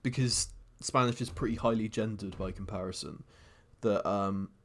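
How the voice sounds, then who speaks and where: A man's voice: fairly low pitch, moderate pace. A man co-hosting a podcast, rambling casually with lots of fillers and swearing. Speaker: podcast co-host. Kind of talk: casual chat.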